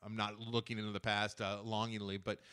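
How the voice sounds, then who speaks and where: A man, a podcast co-host, chatting casually and teasing with quick jokes. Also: lowish voice, flat delivery, bright, forceful tone, clear, resonant tone. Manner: joking, teasing interjections. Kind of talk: casual chat.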